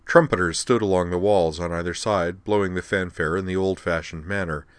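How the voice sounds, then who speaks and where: A man narrating an audiobook in a steady, measured reading. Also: sits low, no room sound. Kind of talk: scripted narration.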